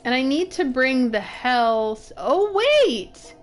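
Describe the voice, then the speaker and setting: Young woman rambling over a game stream, lively up-and-down voice, bit high, light music behind. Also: takes it slowly. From northern United States. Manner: chatty, laughing, thinking aloud while puzzled. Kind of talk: casual gameplay commentary.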